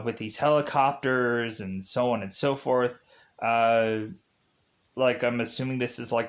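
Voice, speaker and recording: Guy rambling thru a movie recap, kinda high voice, slow and loose, lots of like and uh. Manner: rambling, filler-heavy, unsure of names. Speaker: movie reviewer. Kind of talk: casual plot recap.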